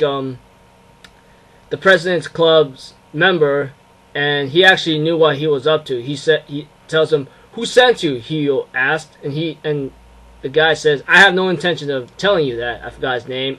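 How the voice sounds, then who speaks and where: A man's voice: fairly high pitch, fairly bright tone, poor audio. Rambling young man reviewing an anime. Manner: rambling, halting, many fillers and restarts. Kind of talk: casual spoken episode review.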